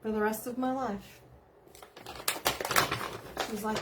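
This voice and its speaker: A woman's voice: on the high side, fairly even intonation, slow, very noisy. A middle-aged woman, chatting casually on a live stream and reading out viewer comments, bubbly and giggly. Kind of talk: casual chat.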